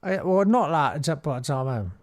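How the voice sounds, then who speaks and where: A man's voice: fairly high pitch, big pitch swings, unhurried. A middle-aged man from Southeast London with a friendly, posh-sounding voice, chatting as a comedian guest and telling stories with self-deprecating humour. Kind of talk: casual interview chat.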